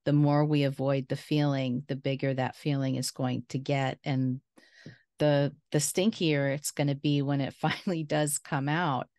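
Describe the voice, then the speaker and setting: A woman host with a very deep voice that carries a gravelly fry, speaking slowly and thoughtfully. Her tone is smooth and resonant, recorded dry and close. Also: steady tone, darkish tone, no echo. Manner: thoughtful, agreeable, measured. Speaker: podcast host, therapist. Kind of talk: casual interview chat.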